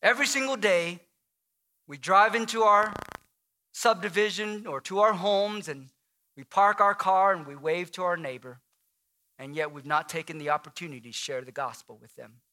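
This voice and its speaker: A male pastor preaching a dramatic sermon, acting out voices, stammering and restarting, and dropping to quiet emphasis on key lines. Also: fairly high pitch, normal speed.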